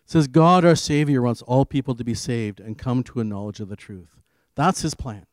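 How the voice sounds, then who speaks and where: A man giving an earnest devotional sermon, telling his own story and swinging between firm emphasis and quiet asides. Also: medium pitch, normal speed, no echo. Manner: earnest, rising on key phrases and dropping to quiet asides. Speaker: preacher. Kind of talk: devotional sermon with personal testimony.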